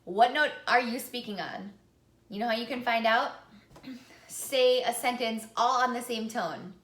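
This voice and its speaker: A woman's voice: fairly high pitch, moderate pace, roomy sound, soft background music. A woman singing teacher giving an upbeat vocal lesson to camera, speaking and then singing short example phrases.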